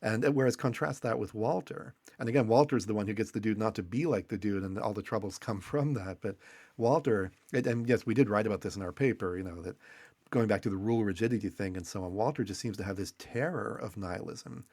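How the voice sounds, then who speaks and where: Man, philosophy professor, lowish voice, dry close sound, fluent explainer. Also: quick pace, a little mellow, no room sound. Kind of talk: casual academic podcast discussion.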